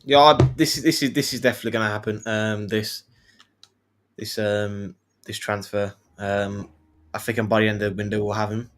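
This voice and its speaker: A man's voice: fairly low pitch, fairly even intonation, moderate pace, a bit bright. A man co-hosting a casual football podcast, talking emphatically and repeating himself. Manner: repetitive, emphatic, restarts often. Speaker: podcast co-host.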